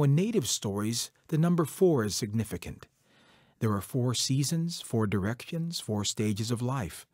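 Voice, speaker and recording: Husky-voiced male storyteller, lively pitch. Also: dry recording, studio quality. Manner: rhythmic, repetitive, measured telling. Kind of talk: oral folk-tale storytelling.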